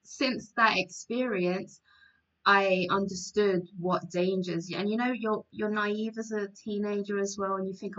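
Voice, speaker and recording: Brief: bright woman, earnest anecdotes, slightly dull lo-fi audio. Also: medium pitch, fairly even intonation, unhurried. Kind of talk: casual chat. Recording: dull lo-fi sound.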